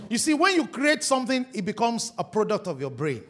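A man's voice: extremely high pitch, very animated, a little fast, hardly any pauses. A man preaching a sermon as pastor, hitting key words hard and drawing them out. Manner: emphatic preaching, stretching and shouting key words.

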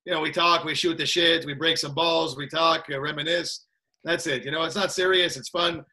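A man chatting as a podcast guest in an easygoing, energetic way, laughing often and tagging his sentences with "that's it". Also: a little high, moderate pace. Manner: energetic, laid-back, laughs a lot, repeats "that's it". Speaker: guest, combat sports trainer. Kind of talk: casual interview chat.

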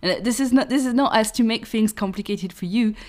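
A woman's voice: a little high, fairly quick, a little mellow. A French woman with a French accent, giving an online French pronunciation lesson and patiently checking in with her listeners. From France. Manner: explains patiently, often checks with "right?". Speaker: French teacher.

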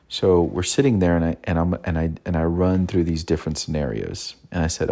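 A man's voice: sits low, fairly quick. A father telling a personal parenting story in an earnest way, often repeating and restarting his phrases. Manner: earnest, repeats himself, soft quoted asides. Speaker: father giving parenting advice.

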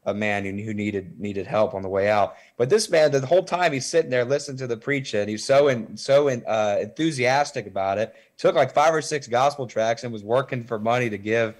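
A man's voice: medium pitch, brisk, few pauses. A man from the congregation telling a casual, rambling testimony story, full of "like" and fillers. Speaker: church member giving testimony.

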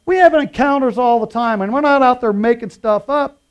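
A middle-aged man preaching in a relaxed, storytelling way, his voice sitting notably high for a man. He jumps from punchy, raised emphasis to soft, almost muttered asides. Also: normal speed, clear, resonant tone. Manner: casual storytelling with lively swings between loud and quiet. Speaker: pastor. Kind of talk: sermon.

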